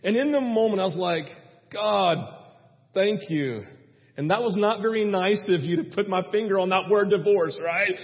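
Man, young adult, pastor, high voice, animated storytelling, church hall reverb, dull sound. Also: moderate pace. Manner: animated storytelling, acts out his own panicked prayers. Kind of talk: sermon. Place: church sanctuary.

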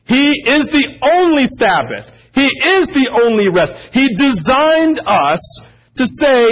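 A man preaching a sermon, animated and swinging between loud emphasis and hushed asides. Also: very high-pitched, takes it slowly, husky, muffled recording.

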